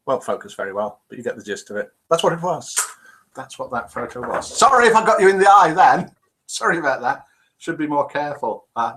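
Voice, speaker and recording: A man's voice: medium pitch, fairly bright tone. A man hosting a casual live stream, chatting and reading out viewer messages. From England. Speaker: live show host.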